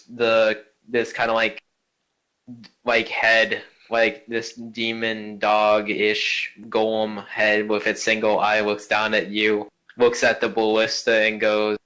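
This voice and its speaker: A man narrates a tabletop role-playing scene as game master. His voice is bright and forceful, and he rambles, restarting phrases and filling gaps with "like" as he describes the scene. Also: fairly low pitch, completely flat delivery, a little slow, poor audio. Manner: rambling, hesitant, lots of "like".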